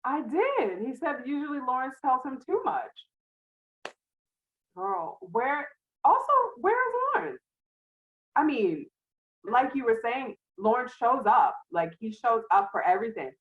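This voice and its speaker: A woman's voice: fairly high pitch, lively intonation, measured pace. Woman co-host over a tinny line. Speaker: podcast co-host. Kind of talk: casual chat.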